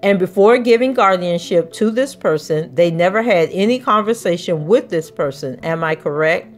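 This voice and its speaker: A woman's voice: lowish voice, animated, normal speed, soft background music. Woman reading courtroom questions aloud. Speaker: podcast host reading court testimony. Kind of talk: reading a trial transcript aloud.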